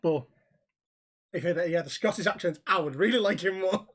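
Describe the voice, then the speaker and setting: A man's voice: high-pitched, fairly quick, a bit bright. A man from Liverpool with a Scouse accent, co-hosting a casual podcast chat, swearing freely and acting out dialogue as he tells stories. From Liverpool, England. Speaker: podcast co-host.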